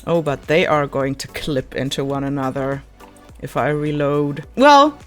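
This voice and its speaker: A woman's voice: extremely low pitch, level tone, moderate pace, soft background music. A woman giving casual commentary while playing a park-building game, thinking aloud, giggling and answering her own questions. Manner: giggly and easily delighted. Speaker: gaming YouTuber.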